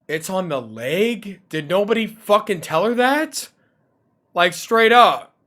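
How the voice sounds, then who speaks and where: A man's voice: high voice, lively intonation, takes it slowly, a bit bright. Slangy young man reacting casually. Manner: loose, slangy, exclaiming. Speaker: reaction video host.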